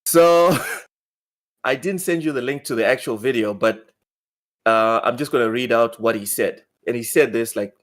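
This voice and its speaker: A man's voice: mid-range voice, moderate pace. A man hosting a gaming podcast, talking casually in a mid-range voice. He restarts and repeats words as he goes. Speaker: podcast host.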